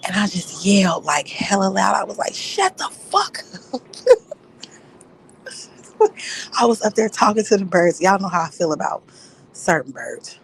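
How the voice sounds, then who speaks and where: A woman chatting casually and profanely, rambling through stories with loud outbursts. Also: mid-range voice, lively intonation, brisk, creaky, slight background noise, rough recording. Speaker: vlogger. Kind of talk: casual chat.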